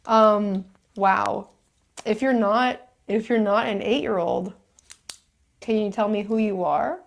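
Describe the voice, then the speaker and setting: A woman hosting a live stream, chatting casually indoors and quickly thanking viewers. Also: medium pitch, gravelly. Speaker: livestream host. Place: indoors in an old house.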